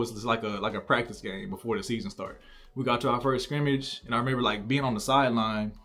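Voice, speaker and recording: A man's voice: medium pitch, fairly bright tone. A young man candidly telling a personal story, rambling and reflective, full of "like" and restarts. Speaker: content creator.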